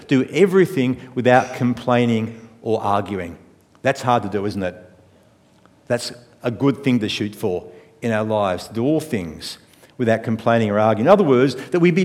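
Reflective pastor preaching. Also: male voice, mid-range voice, darkish tone, long reverb tail. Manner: measured, reflective, rhetorical questions. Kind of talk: sermon.

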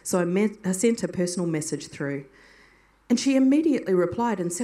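A woman giving a sermon-style testimony, telling a story in a lively way and acting out her own prayers. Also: fairly low pitch, fairly quick. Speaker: Christian teacher.

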